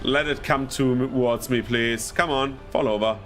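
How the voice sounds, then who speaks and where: A man's voice: medium pitch, moderate pace, a bit bright, slight background noise. Casual German-speaking gamer man. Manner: chatty, swears, laughs often. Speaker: streamer. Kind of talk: casual gameplay commentary.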